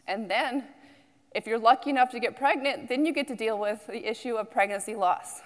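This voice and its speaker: A woman founder gives a startup pitch to a crowd in a large hall, and her voice rings out with a long tail of reverb. She speaks earnestly and personally, filling pauses with ums. Her voice sits a little high. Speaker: company founder and CEO.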